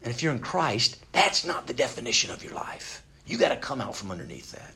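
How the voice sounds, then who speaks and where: A man preaching a sermon in a conversational way, swinging from loud, pressing emphasis to hushed, near-whispered asides. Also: medium pitch, sing-song, a little fast, gravelly. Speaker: pastor.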